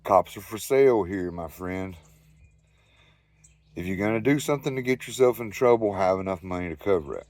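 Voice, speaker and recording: A man's voice: sits low, lively intonation, moderate pace, a little mellow, no room sound. A man with a Southern US accent telling a rambling, profane anecdote in casual storytelling style. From Southern United States. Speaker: storyteller host.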